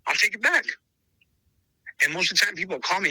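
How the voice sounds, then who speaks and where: Emphatic man with a bright, sharp voice. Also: sits high, expressive, brisk, breathy edge, no room sound, low-quality recording. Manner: emphatic, acts out both sides of past conversations, keeps calling the listener brother. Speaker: dog breeder. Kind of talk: casual interview storytelling.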